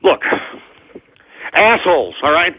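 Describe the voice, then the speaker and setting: A man's voice: on the high side, very animated, takes it slowly, phone-quality sound. A man hosting an internet radio show, ranting agitatedly and cursing at trolls. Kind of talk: live call-in style radio rant.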